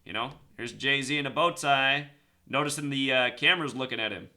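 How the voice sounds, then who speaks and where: Male video host, mid-range pitch, very bright tone, casual rambling delivery that doubles back on numbers. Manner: rambling, repeats numbers, talks fast then slows to stress points. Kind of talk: casual monologue to camera.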